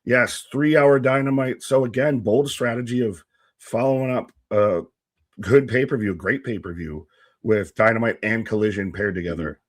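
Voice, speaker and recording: A man's voice: fairly low pitch, normal speed, dry recording, clean studio sound. A man co-hosting a casual live wrestling stream, joking and reading out viewers' names from the chat. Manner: jokey, reads out chat names and shout-outs. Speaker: co-host of a live wrestling watch-along stream.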